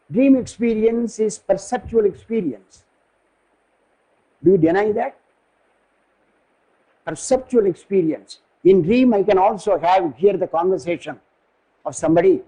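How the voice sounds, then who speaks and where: An older man from India with an Indian English accent gives a philosophy lecture, digressive and halting, often pausing to search for words. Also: high-pitched, expressive, dark tone, husky, rough recording.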